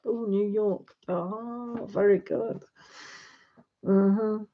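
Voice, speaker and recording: A woman's voice: medium pitch, fairly even intonation, drawn-out words. A woman hosting a tarot livestream, chatting casually with viewers in a rambling way and tagging questions onto her sentences. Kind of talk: casual chat with live viewers. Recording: dull lo-fi livestream audio.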